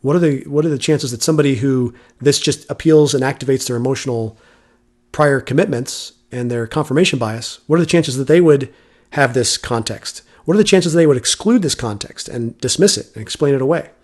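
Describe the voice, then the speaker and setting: A man's voice: medium pitch, a little fast, darkish tone. A man hosting a solo commentary podcast, arguing his point with rhetorical questions and frequent restarts. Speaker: podcast host.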